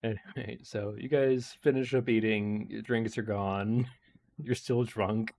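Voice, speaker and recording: A man's voice: fairly low pitch, fairly even intonation, measured pace, vocal fry, a little mellow. A man narrating a tabletop game as game master, playful and often laughing.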